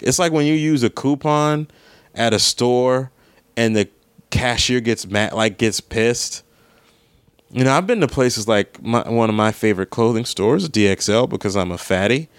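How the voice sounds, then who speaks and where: A man's voice: mid-range voice, moderate pace, clear, resonant tone, dry recording. A young man, an actor, telling a rambling story in a casual monologue, voice jumping up when he retells arguments.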